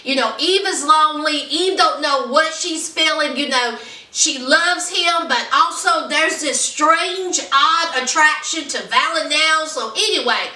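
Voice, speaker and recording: A woman casually recapping a TV episode in a vlog, telling it as a lively story and acting out the scenes. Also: high voice, a little slow. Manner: animated storyteller, acts out the scenes. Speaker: TV episode reviewer. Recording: roomy echo, mic at a distance.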